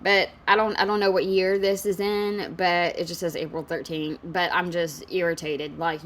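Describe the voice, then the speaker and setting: A woman's voice: on the low side, a bit bright, slight background noise. A woman giving casual reaction commentary on a video, exasperated, profane and rambling.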